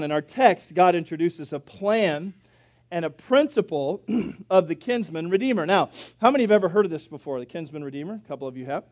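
A man's voice: a little high, darkish tone. A male pastor preaching a sermon in a church, telling folksy jokes as he goes. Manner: folksy, joking storyteller. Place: church sanctuary.

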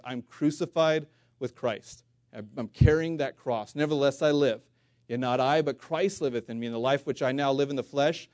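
A man preaching a sermon in a mellow, relaxed tone, close and dry with little room sound. He talks earnestly to his congregation, asks rhetorical questions and restarts his phrases. He lifts his voice when he reads old-fashioned scripture. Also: medium pitch, no echo. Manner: reads scripture aloud in King James wording, louder and slower.

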